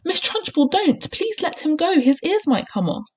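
A woman voicing a gentle, anxious young teacher who begs urgently, in a read-aloud storybook. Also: very high voice, sing-song, normal speed, pitched above the performer's own voice. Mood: pleading. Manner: begging, urgent.

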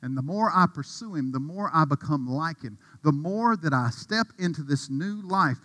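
A man preaching a sermon with passion, dropping to a hush and rising to a shout. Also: fairly high pitch, animated, a little slow, hardly any pauses, in a large hall. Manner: impassioned, swings from hushed to shouting. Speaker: pastor.

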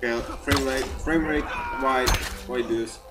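A man giving excitable gameplay commentary, swearing often and yelling at enemies. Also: medium pitch, a little slow, distant mic, low-quality recording. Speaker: gaming channel host.

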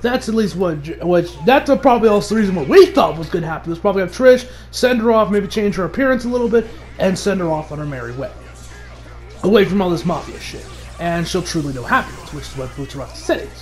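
A man giving a casual, animated episode recap, often laughing and acting out the characters' lines. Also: sits high, quick pace, faint music behind. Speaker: anime reviewer.

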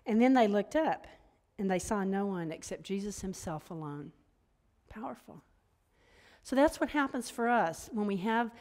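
A woman minister giving a sermon in a loose, chatty way. She breaks off into playful asides and laughs at her own jokes, and her voice sits at an ordinary middle pitch. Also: a little mellow.

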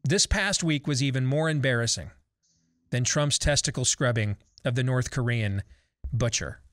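A man's voice: mid-range voice, a bit bright, no room sound. Wry male talk show host, dry sound. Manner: halting restarts, wry, sardonic. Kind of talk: panel discussion.

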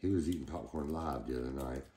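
Man, very low pitch, playful, coaxing pet talk, roomy echo. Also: fast talker, mellow, slight background noise. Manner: playful, coaxing, teasing talk to his monkey. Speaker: pet monkey channel host. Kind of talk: casual chat with his pet.

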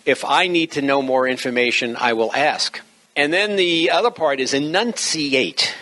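A man's voice: mid-range voice, moderate pace. A middle-aged man giving an informal lecture on radio operating, emphatic and full of joking asides. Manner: jokey, emphatic, lively asides. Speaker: presenter teaching radio operating practice.

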